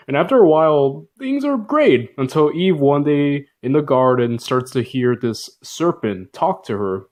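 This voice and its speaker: A man's voice: fairly high pitch, big pitch swings, moderate pace, hardly any pauses, darkish tone. A man narrating a Bible story in a jokey, casual style, full of slang and fillers. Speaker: video narrator.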